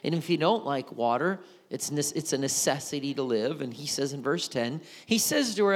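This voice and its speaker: Animated male preacher in a hall. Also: a little high, moderate pace, hardly any pauses. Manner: animated, conversational storytelling. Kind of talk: sermon.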